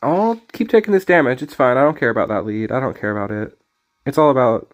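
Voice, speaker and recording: A man's voice: mid-range voice, expressive, fast talker. A man streaming a card game, rambling in casual commentary with jokey, self-mocking asides.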